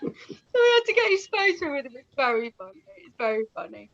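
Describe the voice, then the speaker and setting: A woman's voice: high-pitched, sing-song, brisk, vocal fry, a bit bright. A woman chatting casually as a guest, telling rambling stories and laughing often. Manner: bubbly, laughing, rambling storyteller. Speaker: radio presenter guest. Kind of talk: casual chat. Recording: dull lo-fi audio.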